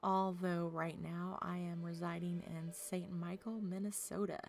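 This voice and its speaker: A woman's voice: fairly low pitch, flat delivery, unhurried, vocal fry. A woman from Oklahoma streaming a game, chatting casually with her viewers, laughing often and talking earnestly about her feelings. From Tulsa, Oklahoma.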